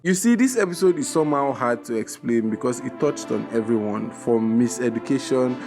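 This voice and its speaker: A young man doing a casual, joking review, animated, with bursts of loud exclamations. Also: mid-range voice, brisk, soft background music. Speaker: video reviewer.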